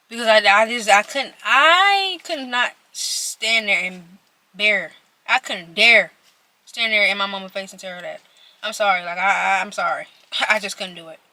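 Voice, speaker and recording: A young adult woman telling a chatty story to her viewers while eating, talking straight to the audience. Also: medium pitch. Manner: chatty, animated, addresses viewers directly. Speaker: vlogger.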